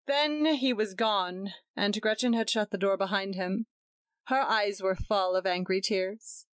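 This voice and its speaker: A woman's voice: medium pitch, moderate pace, dry recording. A woman narrating a story as an audiobook, reading expressively.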